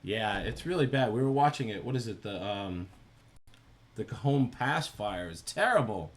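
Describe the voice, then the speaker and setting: A man's voice: on the low side, animated, moderate pace. A man with a New Jersey accent, chatting casually on a live stream while he animates, thinking aloud and answering viewers.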